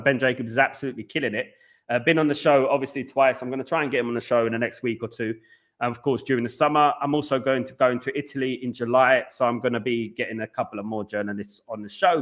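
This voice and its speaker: A man's voice: mid-range voice, a bit bright. A chatty man talks loosely over a live football match, circling back to the same points and calling the viewers "guys" again and again. His voice sits in an ordinary middle range. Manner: chatty, rambling, repeats himself, keeps saying "guys". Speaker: watchalong host. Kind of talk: live football watchalong chat.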